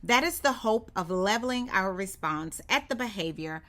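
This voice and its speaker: Bright-voiced woman narrating a training course. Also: mid-range voice. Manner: calm, measured instructional delivery. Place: studio voiceover.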